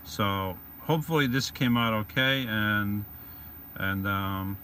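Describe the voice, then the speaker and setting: A man's voice: on the low side, slow, sharp tone, slight background noise. A man hosting a casual livestream from his van, reading out viewer greetings and rambling with jokes. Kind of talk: casual live-stream chat. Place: van or vehicle.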